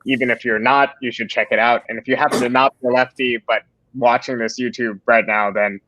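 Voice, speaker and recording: A man's voice: medium pitch, fairly even intonation, fairly quick, sharp tone, highs cut off. A man hosting a panel discussion, talking casually with frequent fillers and restarts. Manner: hesitant, many fillers and restarts. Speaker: host and moderator.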